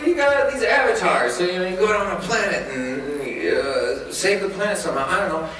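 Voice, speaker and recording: A man in his thirties spins comic stories for a convention crowd, his voice bright and forceful, jumping all over in pitch. He laughs often and swears freely. The sound is very echoey and comes from away from the mic, with a faint room hum behind. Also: far from the mic. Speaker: convention panelist telling stories. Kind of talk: casual comedic storytelling.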